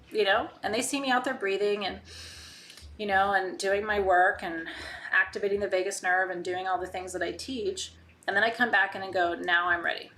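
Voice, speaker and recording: A woman's voice: medium pitch, bright, forceful tone, slight background noise. A woman hosting a live online spiritual session, talking casually and candidly with her viewers. She asks rhetorical questions and often adds a "right?". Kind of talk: casual live-stream teaching, reading viewer comments.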